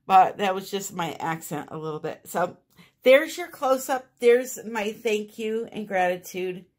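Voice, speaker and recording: A woman with a New England accent hosting a casual resin art tutorial, chatty and upbeat, laughing at herself. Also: medium pitch. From northeastern United States. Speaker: resin art channel host.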